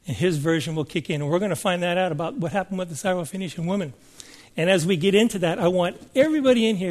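High-voiced man preaching a sermon. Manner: conversational, asks the congregation questions. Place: church service before a congregation.

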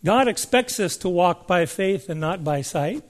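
Preacher, male, high voice, chatty sermon delivery with questions put to the congregation. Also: lively intonation, measured pace. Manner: conversational, asks the congregation questions. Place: church service before a congregation.

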